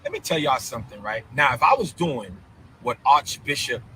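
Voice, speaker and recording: A bishop ranting on a live stream in a fiery, confrontational preaching cadence, full of incredulous repeated outbursts. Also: male voice, mid-range voice, very animated, normal speed, pushed and bright, a little hiss or hum, poor audio. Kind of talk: heated live-stream rant.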